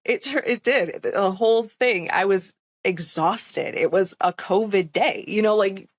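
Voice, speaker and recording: A woman's voice: mid-range voice, unhurried, no echo. A young woman nurse telling a personal story in a casual interview, chatty and emphatic, with lots of "like" and "um". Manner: chatty, full of "like" and "um", emphatic retelling. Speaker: nurse, podcast guest.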